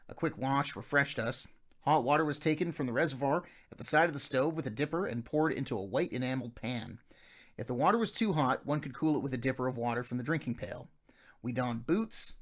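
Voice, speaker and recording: A man narrating a memoir audiobook in a measured, gently nostalgic storytelling manner. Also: medium pitch.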